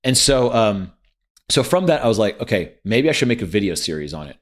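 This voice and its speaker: A fast-talking man with a lowish voice tells business stories in casual conversation. He slips into quoted dialogue as he goes, animated and loose. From India. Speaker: guest entrepreneur. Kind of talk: casual podcast chat.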